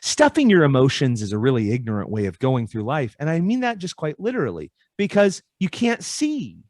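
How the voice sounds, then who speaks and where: A man's voice: medium pitch, very animated, brisk, a little mellow, no room sound. A man speaking as a podcast guest, explaining ideas in a conversational way and acting out little dialogues with changing voices.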